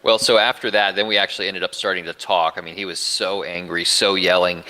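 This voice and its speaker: A man as a podcast guest, telling a personal story in an earnest, reflective way with halting restarts. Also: low voice, steady tone, bright, forceful tone, poor audio.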